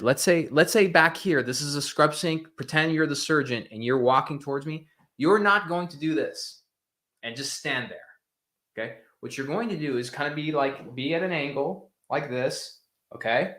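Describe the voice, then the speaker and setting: A man's voice: on the high side, fairly bright tone. Guy coaching sales reps, casual and emphatic, keeps saying right? okay?, walks around the room acting stuff out. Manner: emphatic, demonstrates with role-play, frequent "right?" and "okay?". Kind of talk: casual instructional talk.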